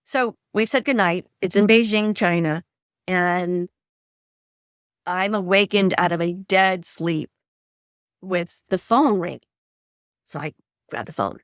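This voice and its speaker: A middle-aged woman, a guest author, telling stories in an animated way and acting out quoted dialogue. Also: on the low side, slow pace, pauses often, no echo, studio quality. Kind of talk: conversational storytelling.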